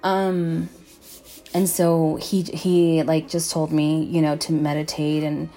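Young female vlogger, low-pitched with vocal fry; loose, profane, filler-heavy storytelling. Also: level tone, slow, dark tone. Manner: rambling, profane, lots of "like" and "um". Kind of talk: casual storytime monologue.

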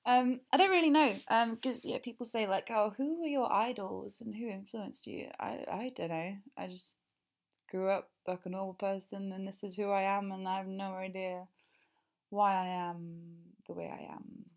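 A young woman with a southern English accent, answering listener questions in a casual, chatty way, enunciating clearly, with lots of fillers, laughter and swearing. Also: medium pitch, fairly even intonation, moderate pace. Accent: southern English, standard-leaning. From England. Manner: enunciates clearly when recording. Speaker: creator answering fan questions. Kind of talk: casual Q&A recording.

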